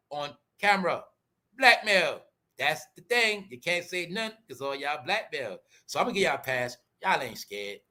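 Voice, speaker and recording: Loud mocking man ranting in slang. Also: a little high. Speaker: commentary channel host. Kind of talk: casual ranting commentary.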